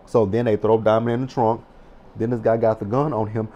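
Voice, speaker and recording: A man in his thirties casually recapping a TV episode, animated and excitable, swearing freely. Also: fairly low pitch, a little fast, a little hiss or hum. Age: 30s. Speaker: TV recap vlogger.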